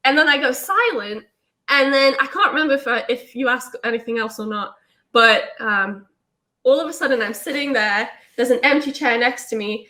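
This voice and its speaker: A young woman, a guest on a talk show, excitedly telling a paranormal story and acting out what was said. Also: normal speed. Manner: excitable, acts out quotes in a high voice.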